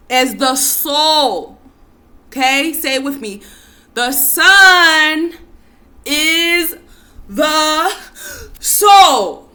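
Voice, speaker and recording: A woman with a mid-range voice delivers a spiritual teaching monologue, gently coaxing and soothing her listeners with repeated reminders to breathe and calm down. At times she builds to emphatic stresses.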